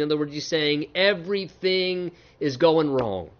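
A man preaching an expository sermon, reading scripture and acting out the characters' voices with lively animation. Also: fairly high pitch, moderate pace, few pauses. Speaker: pastor. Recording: muffled lo-fi recording.

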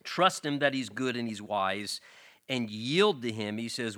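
A man's voice: medium pitch, normal speed, sharp tone. A man preaching an expository sermon, explaining scripture verse by verse and often repeating words as he goes. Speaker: pastor.

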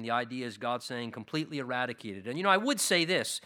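A man's voice: medium pitch, fast, sharp tone. A man preaching an expository Bible sermon, earnest and repeating key phrases for emphasis. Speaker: pastor.

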